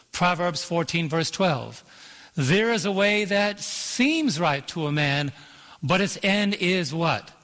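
A pastor preaching a sermon in an auditorium, calling out to the congregation and drawing out key phrases. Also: male voice, a little high, fairly bright tone. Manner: preaching with call-and-response and slowed emphasis. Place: large auditorium. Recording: long hall reverb.

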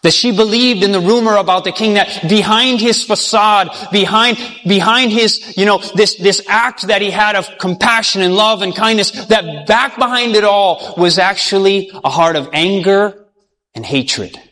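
A man's voice: high-pitched, normal speed, sharp tone. A man preaching by telling a parable, earnest, often restarting and repeating words. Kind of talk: sermon parable storytelling. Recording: long hall reverb.

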